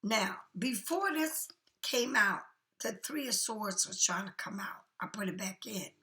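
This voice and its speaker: A woman giving a casual tarot reading, talking softly and often half-whispering in a chatty, reassuring way, a little tired. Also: mid-range voice, lively intonation, measured pace. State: yawning, tired. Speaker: tarot card reader.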